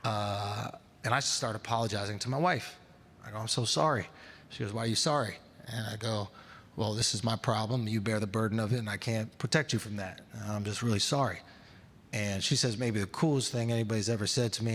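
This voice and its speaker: A man doing stand-up in a large theater, telling a story and acting out the dialogue, sliding from hushed to shouting. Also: fairly low pitch, fairly even intonation, brisk. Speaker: stand-up comedian. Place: large theater stage before a live audience. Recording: live theater with long reverb and crowd ambience.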